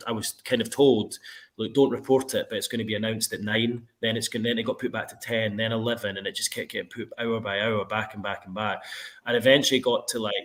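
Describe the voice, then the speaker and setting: A man's voice: fairly low pitch, a bit bright. A male football reporter telling a long story in a casual interview and quoting himself as he goes.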